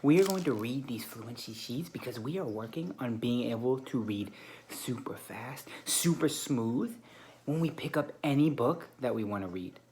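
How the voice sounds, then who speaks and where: A male teacher giving calm, deliberate directions to a small group of children at a classroom table, narrating and praising their behaviour as he goes. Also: mid-range voice, slight background noise.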